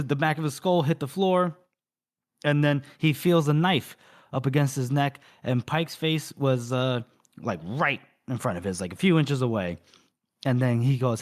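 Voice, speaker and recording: Guy casually retelling a book chapter on a podcast, lots of uh and you know. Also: fairly high pitch. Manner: rambling retelling with quoted dialogue and fillers. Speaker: podcast co-host.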